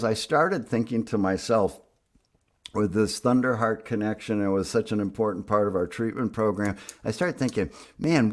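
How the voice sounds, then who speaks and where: A man telling a personal story in an animated, emphatic way, acting out what people said. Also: lowish voice. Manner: animated, emphatic, acts out quoted speech. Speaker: speaker on youth addiction treatment.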